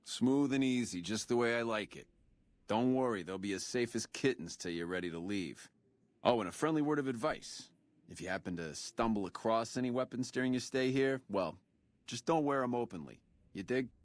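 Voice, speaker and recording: An actor playing a slick, smooth-talking casino doorman in a video game, full of lounge slang. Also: mid-range voice, expressive, moderate pace, no room sound, natural voice. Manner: jive lounge slang, calls people baby.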